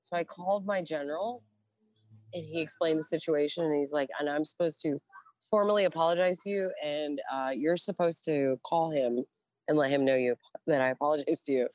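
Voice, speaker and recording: Low, dry-voiced middle-aged woman, blunt and profane storyteller, lively quotes. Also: a little fast, dry recording. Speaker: interview guest, Navy veteran. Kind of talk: casual storytelling.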